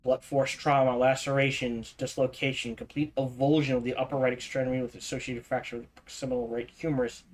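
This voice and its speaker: A man streaming a game reads its documents aloud at a brisk clip, with a voice of ordinary pitch for a man. He trips over words, backs up and corrects himself, and drops casual side comments between passages. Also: flat delivery, rough recording. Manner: reads fast, stumbles and restarts, adds asides. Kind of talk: reading in-game documents aloud while playing.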